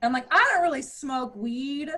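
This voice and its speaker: Woman, thirties, stand-up comic; higher-pitched, bawdy and playful, lots of sudden high character voices. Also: moderate pace, pushed and bright. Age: 30s. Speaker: stand-up comedian. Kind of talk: virtual stand-up set.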